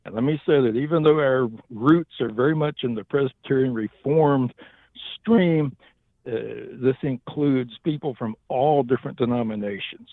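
A man's voice: mid-range voice, moderate pace, no echo. A man with a Southern US accent, from western North Carolina, speaking earnestly as a ministry director in a casual interview. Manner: earnest, laughs easily. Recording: dry, phone-like line.

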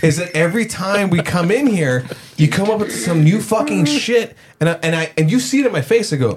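A man's voice: high voice, a little fast, breathy edge. A man co-hosting a podcast in casual chat, telling stories with lots of swearing and animation. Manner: animated, profane, storytelling. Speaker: podcast co-host.

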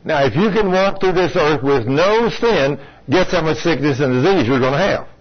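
On a lo-fi radio broadcast, a man preaches a folksy, direct sermon, talking straight to his congregation and acting out complainers. His voice sits on the high side, with lively intonation and a normal speaking speed.

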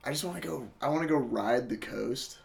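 A man's voice: mid-range voice, expressive, a little fast, gravelly. Casual young man, swearing storyteller. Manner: loud, swearing, laughs often. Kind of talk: casual chat.

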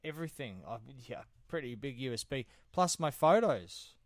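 Brief: man, average pitch, casual storyteller who chuckles a lot, close dry mic. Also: animated, moderate pace, dry recording.

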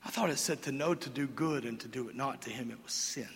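A man preaching a sermon, emphatic and animated, dropping to hushed lines and rising to shouts as he acts out what people say, in a reverberant hall. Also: mid-range voice, fast talker, creaky, slight background noise. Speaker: pastor. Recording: echoey hall.

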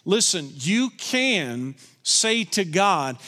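A male pastor delivering a sermon with a bright, forceful tone and a slightly raised pitch. He slows down and leans in on spoken prayers. His voice rings with the long reverb of a large church hall. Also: animated. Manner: preaching with slowed, emphatic prayer lines.

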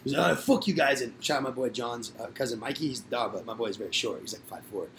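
Speaking rapid-fire in a mid-range voice, this young podcast guest spins rowdy, profane tales in a laid-back chat, voicing the lines of the people in them. There is slight background noise.

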